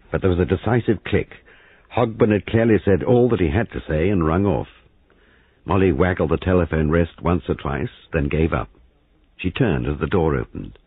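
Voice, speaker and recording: A male narrator reads a story in a deep, gravelly voice with plenty of rise and fall. His tone is very husky. The sound is dry, narrow and phone-like. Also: no echo. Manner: measured, expressive storytelling. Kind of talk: audiobook reading. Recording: phone-like lo-fi reading.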